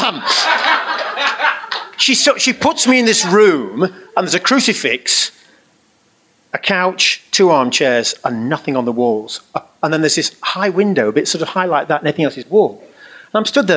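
A middle-aged man giving a personal testimony to a live audience, telling it as an animated, anecdotal story with chuckling asides and colourful everyday phrasing. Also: fairly high pitch, a little fast, a little hiss or hum.

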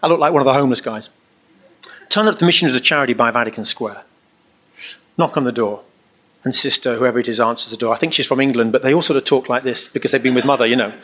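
A man's voice: medium pitch, fast talker. Chatty middle-aged man telling a story. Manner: animated and anecdotal, with chuckling asides and vivid colloquial phrasing. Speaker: speaker giving a personal testimony. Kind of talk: storytelling testimony to a live audience.

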